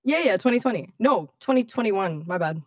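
A woman's voice: medium pitch, animated, fairly quick, dry recording, studio quality. A young woman, a college student guest, chatting loosely with frequent laughs and casual swearing. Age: young adult. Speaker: guest streamer. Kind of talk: casual chat.

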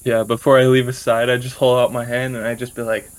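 A man playing a tabletop game, easygoing and unhurried as he describes what his character does. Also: medium pitch, level tone, rough recording. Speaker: player. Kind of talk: casual tabletop play.

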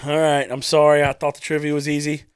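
A man hosting a casual podcast among friends, loud and swearing, often laughing. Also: a little high, monotone, fast talker, smooth. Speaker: podcast host.

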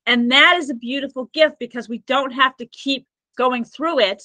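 She's a guest on a podcast, a healer who works with the Akashic records, and her storytelling is heartfelt, wandering, and full of "like." Her voice sits high and moves at a moderate pace, bright and forceful in tone. The recording is dry and of poor quality.

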